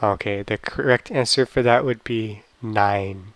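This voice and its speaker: A young man teaching an online language lesson, drilling practice questions slowly and carefully with frequent ums. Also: lowish voice, fairly bright tone, no room sound.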